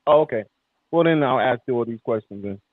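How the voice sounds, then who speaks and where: A man hosts an interview and asks his questions in a laid-back way. His pitch moves around with life. His voice comes through thin and tinny, like over a phone. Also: animated, fairly quick, no room sound. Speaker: podcast host.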